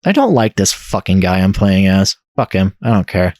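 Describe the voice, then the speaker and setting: A man's voice: sits low, big pitch swings, moderate pace, a little mellow, no room sound. A man playing a horror game and mocking it with sarcastic, profane commentary. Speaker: let's play gamer.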